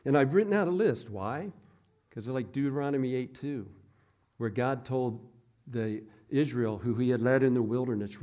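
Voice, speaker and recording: Man, pastor, sermon, casual storytelling, warm tone. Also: mid-range voice. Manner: conversational, self-deprecating storytelling.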